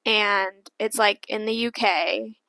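A woman's voice: mid-range voice, steady tone, slow pace, gravelly, pushed and bright, no echo. A young woman co-hosting a podcast from her bedroom, rambling casually and saying "like" constantly. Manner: rambling, heavy use of "like". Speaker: podcast co-host. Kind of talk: casual chat.

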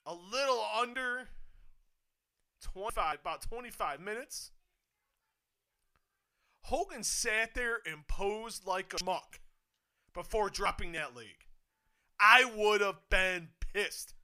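A man giving excited live wrestling commentary, swinging from hushed muttering to sudden shouts, swearing and laughing often. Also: high-pitched, slow pace, long pauses. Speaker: co-host of a wrestling watch-along.

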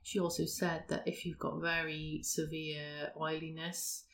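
A woman's voice: deep voice, little pitch movement, a little slow, creaky, fairly bright tone, slight background noise. A woman, co-hosting a casual podcast chat and explaining a routine step by step. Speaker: podcast co-host.

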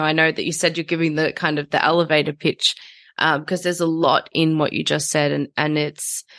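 A woman hosting a podcast interview, responding gently and searching for words with many restarts. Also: low-pitched, dry recording, studio quality. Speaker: podcast host. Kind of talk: interview conversation.

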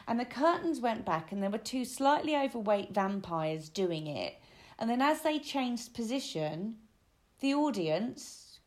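A woman chatting on a podcast, telling lively stories in an animated way. She slips into little voices for the people in her tales, and her tone swings with the anecdote. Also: a little high, measured pace. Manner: animated storyteller, acts out voices. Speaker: podcast co-host. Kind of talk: casual chat.

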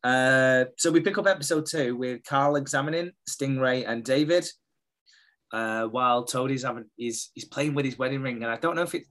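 A man at a middling pitch, chatting casually as a podcast co-host. He recaps episodes in a rambling way and laughs easily. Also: normal speed, a bit bright. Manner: rambling, laughs often, acts out characters. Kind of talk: casual chat recapping a series.

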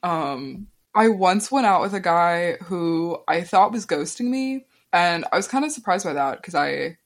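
A woman's voice: lowish voice, expressive, measured pace. Chatty young woman podcast host. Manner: chatty, sprinkles "like" through her talk. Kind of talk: casual chat.

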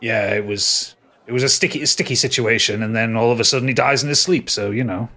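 A man's voice: medium pitch, fast talker, pushed and bright. A man narrating a tabletop game as game master, talking with many stops and restarts.

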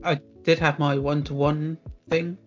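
A young man co-hosting a casual chat podcast, talking about work in a relaxed, hesitant way with many ums. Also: on the high side, measured pace, muffled recording, faint music behind. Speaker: podcast co-host.

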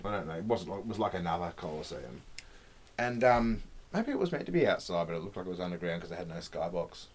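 Young aussie guy podcasting with his mate, lowish voice, swears a lot, goofy riffs. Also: sing-song, fast, slightly rough. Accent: Australian. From Australia. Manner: swears often, laughs, riffs on silly ideas. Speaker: podcast co-host. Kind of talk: casual chat.

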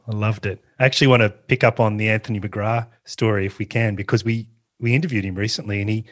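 A man hosting a podcast interview. He responds with enthusiasm and asks a long, carefully built follow-up question. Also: medium pitch. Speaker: podcast host.

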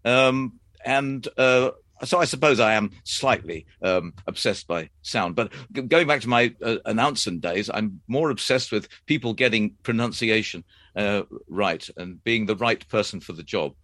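A man in his eighties, a former announcer, chatting about his past in a measured, hesitant way with frequent fillers. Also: lowish voice, a bit bright, no echo, studio quality. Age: 80s. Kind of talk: relaxed anecdotal chat.

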